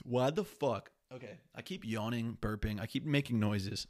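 A young man hosts his own podcast in a mid-range voice at a moderate pace, recorded dry with studio quality. Alone at the mic, he rambles casually and restlessly, swearing plenty and sniffling a bit.

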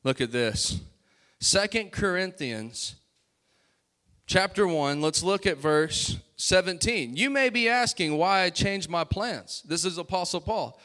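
A man preaching a sermon as pastor, calling out to the congregation and building to loud, emphatic bursts. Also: high-pitched, expressive, a little slow.

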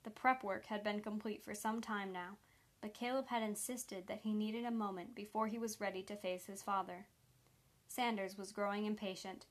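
A woman with a mid-range voice narrates an audiobook from a script, reading in a measured, even way.

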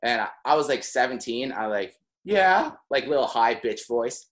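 A man's voice: mid-range voice, steady tone, normal speed. A young man telling a long anecdote in casual podcast chat, full of "like" and laughing through it. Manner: rambling, heavy on "like", laughs mid-story.

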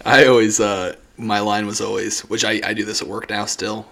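A man's voice: on the low side, flat delivery, normal speed, creaky, a bit bright. A young man chatting casually, laughing easily and ranting with exasperation. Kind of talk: casual chat.

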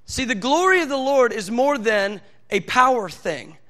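A man's voice: extremely high pitch, very animated, normal speed, pushed and bright. A man preaching a sermon with fervent delivery that builds to emphatic outbursts.

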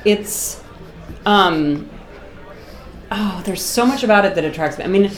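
A middle-aged woman from Boston, a guest artist chatting casually in an interview, animated and talkative, laughing often. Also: medium pitch, unhurried, echoey room. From Boston, USA.

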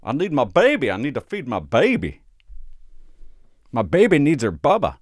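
A man mimicking a drunk young mother who pleads for her baby in a high, wailing voice. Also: wildly swooping pitch, moderate pace, dry recording, clean studio sound. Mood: pleading.

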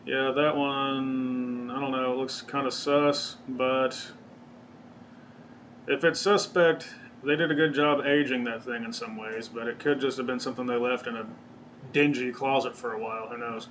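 A man's voice: mid-range voice, fairly even intonation, moderate pace, fairly bright tone, slight background noise. A man hosting his own podcast, chatting casually in a rambling, profane way and often correcting himself. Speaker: podcast host. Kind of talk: casual solo podcast chat. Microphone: webcam or desk mic, seen on video.

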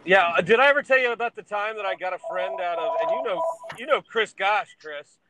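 A man's voice: sits high, fairly quick, over a noisy crowd, poor audio. A middle-aged man, a podcast guest, telling rambling stories in casual chat. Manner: rambling anecdotes with fillers and restarts. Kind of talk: casual storytelling.

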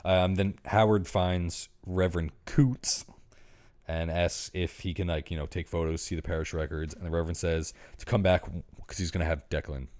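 A man's voice: sits low, steady tone, normal speed, darkish tone, no echo. A man co-hosting a podcast, casually recapping a horror film with rambling, profane chatter. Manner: rambling, swears freely, laughs often. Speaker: podcast co-host. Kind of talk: casual movie review chat.

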